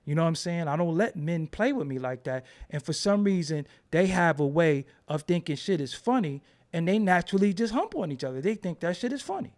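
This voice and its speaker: A man's voice: fairly high pitch, fairly quick, hardly any pauses. A man in a casual, profane rant, talking emphatically and repeating himself when heated. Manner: animated, emphatic, swears freely, repeats words when heated.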